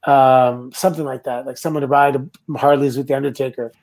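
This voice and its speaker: Middle-aged Canadian man, warm mellow guest voice, easygoing laughing storyteller. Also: mid-range voice, brisk, gravelly. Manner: relaxed, laughing anecdotes. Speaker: guest, former pro wrestler. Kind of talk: casual storytelling.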